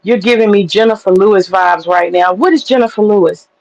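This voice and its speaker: A woman hosting a livestream, telling stories in an animated, profane way and chatting with her viewers. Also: mid-range voice, fairly quick, muffled recording. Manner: animated, profane storytelling with laughter. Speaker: livestream host. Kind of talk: casual livestream commentary.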